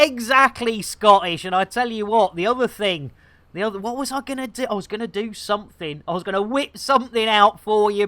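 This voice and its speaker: A woman's voice: medium pitch, fairly bright tone, no echo. A woman chatting playfully and giggling with viewers on a live game stream, speaking into a headset.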